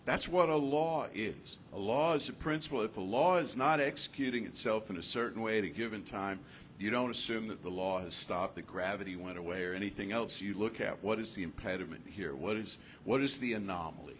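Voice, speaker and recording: A man giving a conversational sermon as minister, animated and playful, acting out little voices and laughing at his own jokes. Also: fairly low pitch, a little fast, slight background noise. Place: church hall.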